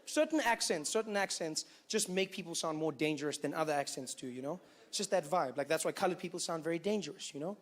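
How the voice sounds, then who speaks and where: A male stand-up comedian performing a routine in an animated way, full of "you know" asides. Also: on the high side, quick pace.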